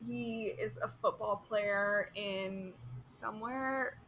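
A woman co-hosting a casual chat, recapping scenes with quick asides. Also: mid-range voice, fairly bright tone, a little hiss or hum, poor audio. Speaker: podcast co-host.

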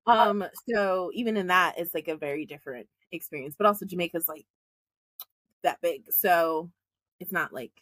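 A woman co-hosting a podcast in casual chat, animated and quick to laugh as she tells stories. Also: fairly low pitch, no room sound. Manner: chatty, laughs often, animated storytelling. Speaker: podcast co-host.

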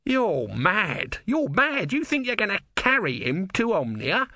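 A man's voice: sits high, huge pitch swings, unhurried, sharp tone, no room sound, studio quality, pitched above the performer's own voice, heavily acted. A man voicing a small, petulant male tortoise god who whines and screeches indignantly. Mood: scornful.

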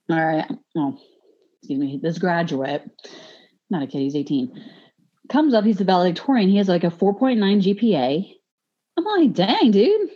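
A gym teacher chats as a guest, telling long stories full of fillers and laughter. Her voice sits a little low. The audio is dull and lo-fi. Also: warm tone. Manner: laughs often, rambling with fillers. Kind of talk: casual chat, storytelling.

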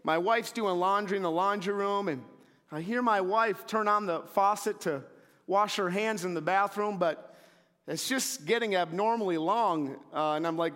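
A man in his thirties preaching a sermon in a church, telling stories and acting out shouted scenes. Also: sits high, normal speed. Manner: animated storyteller, acts out shouting scenes. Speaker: pastor. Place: church sanctuary. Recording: long hall reverb.

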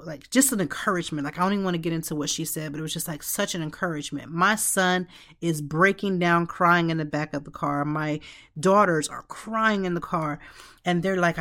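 Speaking from her home office, a middle-aged podcast host offers a reflective monologue in a lowish, fairly bright voice. Her manner is heartfelt and conversational, full of "like" and "you know."

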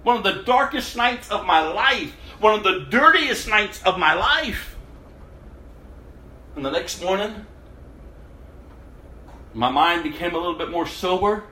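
A man giving an emotional sermon testimony, moving from hushed quotes to loud outbursts. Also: high voice, animated, measured pace, long pauses, reverberant, a little hiss or hum. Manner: emotional, swings between hushed quoting and loud exclamation.

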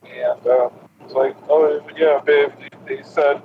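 A young man with a medium-pitched voice speaks slowly as he tells his friends a long, crude story, swearing freely, laughing, and acting out each person's lines. It's casual storytelling among friends. The lo-fi recording sounds muffled, with a loud, steady, heavy hiss running beneath his voice.

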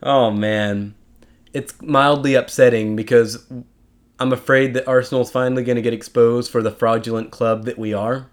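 A man's voice: mid-range voice, fairly even intonation, moderate pace. A young man hosting a casual solo podcast, rambling and chatty with self-mocking asides. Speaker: podcast host.

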